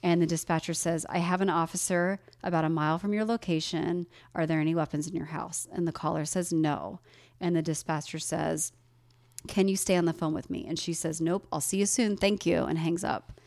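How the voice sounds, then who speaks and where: Woman, from Ohio, lowish pitch, animated, casual podcast co-host. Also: a little fast, no echo. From Ohio, USA. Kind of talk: casual chat, storytelling.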